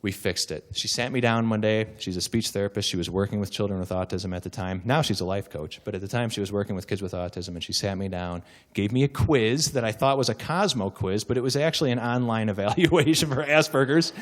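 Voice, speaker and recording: Animated comic keynote speaker, man. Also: lowish voice, brisk, hardly any pauses. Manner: animated comic storytelling with voices. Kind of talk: humorous keynote storytelling. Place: live keynote before an audience.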